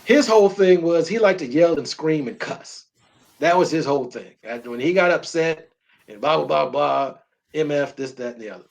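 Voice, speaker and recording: A man's voice: fairly high pitch, lively intonation, moderate pace, vocal fry. A middle-aged man co-hosting a sports talk show, talking emphatically and repeating words when he gets fired up. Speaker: sports radio co-host.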